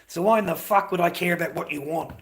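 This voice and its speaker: A man's voice: on the high side, quick pace, fairly bright tone, husky. An Australian man with an Australian accent, ranting aggressively and profanely at his live-stream chat.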